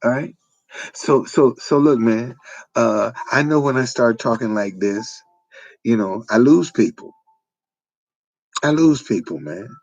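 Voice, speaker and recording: A man's voice: mid-range voice, lively intonation, measured pace, long pauses, dry recording, lo-fi sound. A man, delivering an informal preaching monologue with repetitive, emphatic phrasing. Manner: repetitive, emphatic, folksy street-preacher cadence. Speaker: online preacher.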